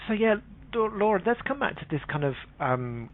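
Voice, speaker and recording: A man's voice: high voice, sing-song, normal speed. A man co-hosting a radio talk show, chatting playfully and rambling with laughter. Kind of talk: casual chat. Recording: tinny phone-line sound.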